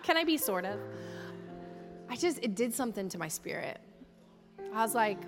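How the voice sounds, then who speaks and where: A woman's voice: medium pitch, moderate pace, long pauses. A woman from Texas with a Texan accent, preaching a sermon as a guest speaker and telling stories with folksy asides. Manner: storytelling, animated, folksy asides. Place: church sanctuary. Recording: large hall with long reverb, music behind.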